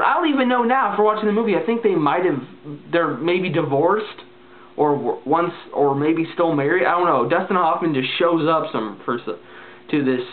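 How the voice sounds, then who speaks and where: Vlogger man, higher-pitched, rambling exasperated rant, phone-thin webcam audio. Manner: rambling, exasperated, full of "like" fillers. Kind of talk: casual ranting movie review. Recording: tinny phone-like lo-fi sound.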